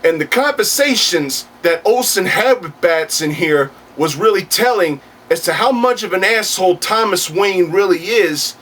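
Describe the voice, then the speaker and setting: A man's voice: high voice, fairly bright tone, voice pushed up. A man doing a brash, cursing reviewer double. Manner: crude, cocky slang with swearing. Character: brash foul-mouthed alternate-world double of the reviewer. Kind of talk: comic book review. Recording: distant mic with faint background noise.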